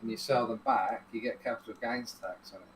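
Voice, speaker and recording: A man's voice: lowish voice, steady tone, brisk, slight background noise, low-quality recording. Laid-back man, dry remarks. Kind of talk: casual chat.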